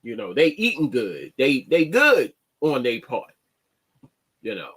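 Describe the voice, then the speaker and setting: A man hosting an online show, talking in a casual, halting monologue and restarting his words often. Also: mid-range voice, huge pitch swings, fairly bright tone, breathy edge. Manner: plainspoken, slangy.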